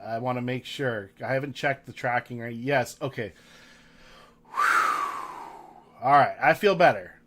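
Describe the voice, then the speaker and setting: A man's voice: medium pitch, unhurried, long pauses, heavy background noise. A man hosting a casual card-break livestream, chatting with viewers and reading their names aloud.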